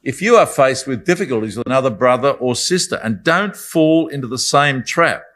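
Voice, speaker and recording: A man's voice: medium pitch, animated, moderate pace, fairly bright tone. A man giving a Bible study talk in a conversational, reflective way, with apologetic asides. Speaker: Bible speaker.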